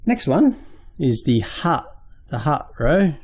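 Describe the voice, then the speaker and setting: A man teaching a lesson at a board, slowly and patiently repeating syllables and correcting himself aloud. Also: on the high side, big pitch swings, darkish tone, breathy edge. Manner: thinks aloud, self-correcting. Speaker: language teacher. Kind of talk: whiteboard lesson.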